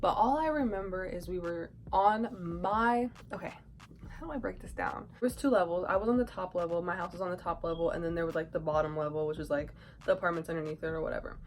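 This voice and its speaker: Lively young woman telling a story. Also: fairly low pitch, quick pace, a little hiss or hum, rough recording. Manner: animated storytelling, acts out quotes with laughs and whispered asides. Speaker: YouTuber. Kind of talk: casual storytime vlog.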